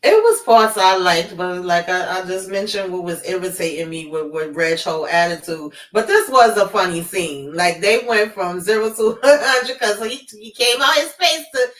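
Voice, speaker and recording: A woman co-hosting a casual TV recap, emphatic and quick to laugh, with frequent mm-hmms. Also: mid-range voice, a bit bright, roomy sound, distant mic, low-quality recording. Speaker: co-host.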